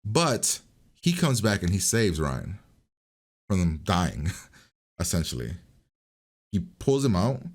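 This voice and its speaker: Low-voiced man casually recapping a show. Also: very animated, slow pace, long pauses. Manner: rambling, chatty, lots of fillers and restarts. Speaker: reaction video host.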